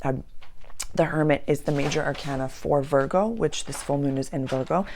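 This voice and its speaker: Low gravelly-voiced woman astrologer. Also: a little mellow, a little hiss or hum. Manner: earnest, slows down for emphasis, repeats words. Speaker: astrologer and channeler. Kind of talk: casual spiritual talk.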